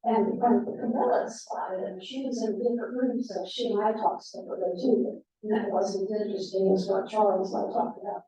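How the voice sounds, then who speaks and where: A woman's voice: mid-range voice, fairly even intonation, fairly quick, hardly any pauses, mellow. An American woman telling stories to a club meeting in a chatty, rambling way with many fillers. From United States. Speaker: guest speaker. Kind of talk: anecdotal talk to a club. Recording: echoey room, voice from far off.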